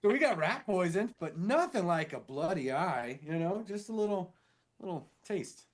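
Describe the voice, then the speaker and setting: A married man co-hosting a casual podcast, telling a rambling story full of swearing and quick impressions of other people. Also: high voice. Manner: rambling, animated, swears freely; mimics others with shifted voices in stories. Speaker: podcast co-host.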